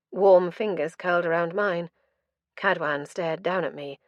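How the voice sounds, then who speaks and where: A woman with a lowish voice tells a dark fantasy story in first person, dramatic and intense. The recording is dry and close, with no room sound at all. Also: measured pace, no echo. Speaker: audiobook narrator.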